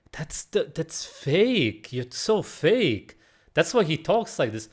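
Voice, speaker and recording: A man's voice: fairly high pitch, sing-song, takes it slowly. A man reacting to a video in casual, ranting commentary, blunt and mocking, swearing and often laughing in disbelief.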